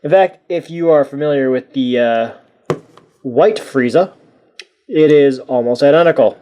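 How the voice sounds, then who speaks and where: A man's voice: medium pitch, unhurried, mellow, muffled recording. A man giving a casual toy review, rambling and joking at his own expense. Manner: rambling, jokey and self-mocking.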